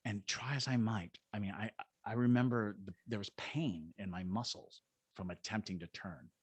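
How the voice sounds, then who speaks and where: A man's voice: fairly low pitch, moderate pace, slightly rough, dry recording. A middle-aged man from Georgia in the United States, a paranormal investigator, telling a story in a podcast interview and acting out the voices of the people in it. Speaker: guest, paranormal investigator and ghost tour guide.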